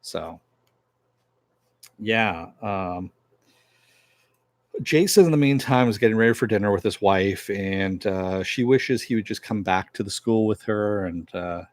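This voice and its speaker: A man's voice: lowish voice, unhurried, long pauses, dry recording. A man giving a rambling, offhand recap of a TV episode, swearing casually as he retells the plot. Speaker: TV episode reviewer.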